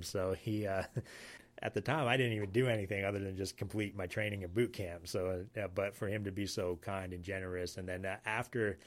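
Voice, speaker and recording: A deep-voiced man from Alaska tells a story from his time in the Navy. He talks casually and haltingly, full of fillers and restarts. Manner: rambling, halting, many fillers. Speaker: Navy sailor telling a story. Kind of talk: casual spoken anecdote.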